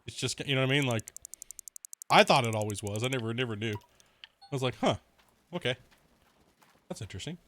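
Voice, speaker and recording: Bright, crude-talking male streamer. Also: medium pitch, a little fast, pauses often. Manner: crude, swearing, laughs often; rambling storyteller with many restarts. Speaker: gaming streamer. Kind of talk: casual live-stream chat.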